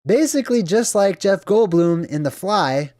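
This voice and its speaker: A man's voice: high voice, animated, moderate pace, darkish tone, no room sound, clean studio sound. A man hosting his own channel, talking casually about a movie and often adding "right?" as he speaks. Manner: conversational, says "right?" often, acts out quotes. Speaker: channel host.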